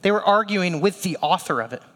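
A man with a high, light voice preaches a sermon, talking to the congregation in a casual, conversational way and tossing in rhetorical questions. His words ring out with a long reverb, as in a church hall. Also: animated, a little fast, a bit bright. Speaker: pastor.

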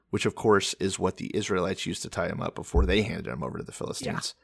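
A man's voice: low-pitched, quick pace, creaky, hardly any pauses, a bit bright, husky, dry recording, clean studio sound. A man co-hosting a casual podcast, retelling a Bible story in a sarcastic way, laughing often and swearing. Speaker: podcast co-host.

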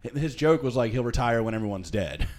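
A man from Boston co-hosting a comedy podcast, telling workplace anecdotes with a laugh and acting out other people's lines. His pitch is middling, but his intonation rises and falls animatedly. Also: lively intonation, fast talker, darkish tone. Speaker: podcast co-host. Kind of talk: casual comedic chat.

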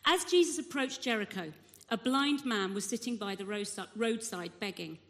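A woman preaches a sermon in a slightly raised voice. She tells the story vividly and acts out the shouting crowd, and a long hall reverb trails each phrase. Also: a little high, moderate pace.

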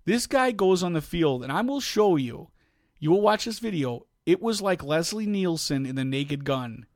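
An animated podcast co-host, a man, tells a story in casual chat and acts out the voices he quotes. His pitch is fairly high, his speed normal, and the sound is dry with no room sound.

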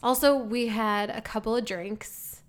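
A woman co-hosting a podcast in casual chat, excitable and quick with laughing asides. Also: on the high side. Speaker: podcast co-host.

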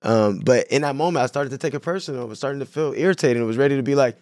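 Fast-talking man, animated and slangy. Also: mid-range voice, no room sound, studio quality. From San Diego, California. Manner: animated, slangy, says "bro" and "you know what I'm saying" a lot. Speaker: podcast guest, clothing brand owner. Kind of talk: casual conversation.

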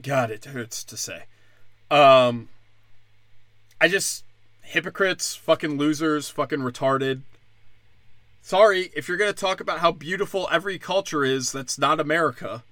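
A man's voice: a little high, fairly bright tone, dry recording. Angry, crude ranting young man. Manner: angry, sarcastic, crude, fast swings into mocking voices. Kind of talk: profane ranting commentary.

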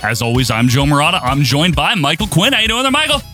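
A man's voice: on the high side, very animated, fast, soft background music. A man hosting a casual podcast, talking in an upbeat, announcer-like way. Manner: upbeat, announcer-like sing-song intro. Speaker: podcast host.

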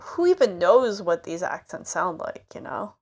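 A woman's voice: on the low side, sing-song, normal speed, a little mellow. Chatty woman retelling a story. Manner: chatty recap with voiced quotes and "like" fillers. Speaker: podcast co-host. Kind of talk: casual podcast chat.

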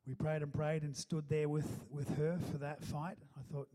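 A male pastor speaking to his congregation in a church, moving between a loose, chatty sermon and prayer. His voice sits slightly high for a man but sounds dark and mellow. He keeps checking in with the room with a questioning "amen?". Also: little pitch movement, normal speed. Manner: conversational preaching, frequent calls of "amen?", fillers and restarts.

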